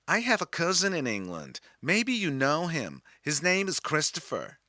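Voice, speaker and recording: A man voicing a friendly, chatty middle-aged American woman who speaks slowly and draws out her words. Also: fairly high pitch, big pitch swings, sharp tone, no echo, clean studio sound, full character voice.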